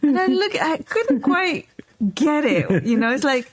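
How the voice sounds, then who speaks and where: A woman's voice: sits high, very animated, measured pace. Middle-aged woman telling a story. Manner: rambling, anecdotal, many fillers and restarts. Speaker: podcast host. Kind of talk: casual storytelling chat.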